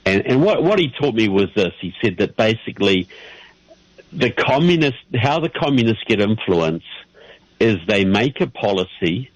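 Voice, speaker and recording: A man's voice: fairly low pitch, dry recording. A man from New Zealand with a New Zealand accent, a guest author explaining at length in a radio interview. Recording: dull, dry phone-in line.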